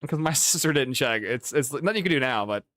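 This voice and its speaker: A man's voice: mid-range voice, lively intonation, quick pace, a bit bright, dry recording, studio quality. A young man livestreaming a football game, rambling and ranting with lots of profanity in casual chat. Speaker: gaming streamer.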